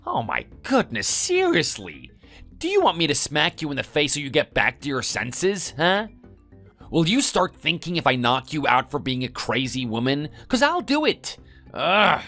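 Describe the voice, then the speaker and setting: A text-to-speech voice voicing a whiny, lazy young husband who blusters and then pleads in a text-message story. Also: male voice, fairly high pitch, huge pitch swings, moderate pace, bright, forceful tone, soft background music, exaggerated voice. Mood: irritated. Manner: whining, blustering.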